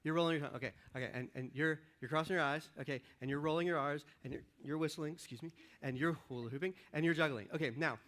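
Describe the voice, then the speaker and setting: A high, bright-toned man leads a sermon from a church stage with an upbeat, joking manner. He calls volunteers up, counts them in, and then turns to his message. His voice carries through a stage microphone. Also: quick pace, hardly any pauses. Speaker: pastor. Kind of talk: lively sermon with audience participation. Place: church stage before a congregation.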